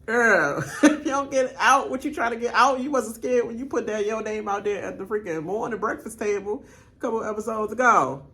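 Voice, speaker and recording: A woman hosting a reaction video, giving casual, blunt commentary. She laughs often, trash-talks freely, and swings between loud outbursts and quiet asides. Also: a little high, a little fast. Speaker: reaction channel host.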